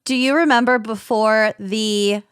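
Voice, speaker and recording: A woman's voice: on the high side, steady tone, measured pace, fairly bright tone, smooth, dry recording, studio quality. A woman co-hosting a podcast in casual chat, teasing and laughing with her friends. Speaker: podcast co-host.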